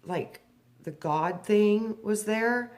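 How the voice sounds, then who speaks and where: A woman in personal spiritual storytelling, slow and hushed on deep points, animated when reliving a memory. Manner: animated, rises sharply when acting out her younger self. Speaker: spiritual speaker.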